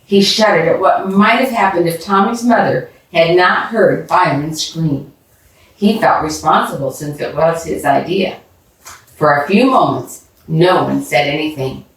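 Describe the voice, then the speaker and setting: A woman telling a children's bedtime story aloud, expressively, pausing to ask the listening children questions. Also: low-pitched. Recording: echoey room, distant mic.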